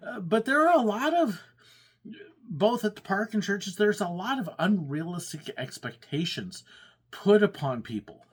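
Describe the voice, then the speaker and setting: Chatty husky-voiced man with lively pitch. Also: unhurried. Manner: chatty, laughs often, acts out quoted complaints. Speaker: former pastor and theme park worker. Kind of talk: casual storytelling monologue.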